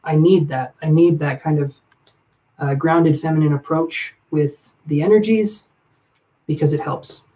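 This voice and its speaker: A man's voice: fairly high pitch, a little slow, dark tone, highs cut off. A man on a live stream giving relationship advice, talking to viewers by name in a reflective way. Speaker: livestream reader and relationship advisor.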